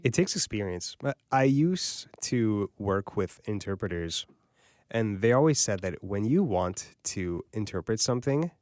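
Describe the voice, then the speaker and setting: A man's voice: lowish voice, animated, unhurried, darkish tone, no room sound. A man co-hosting a podcast discussion about audiobooks, chatty and self-deprecating. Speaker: podcast co-host. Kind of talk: casual panel discussion.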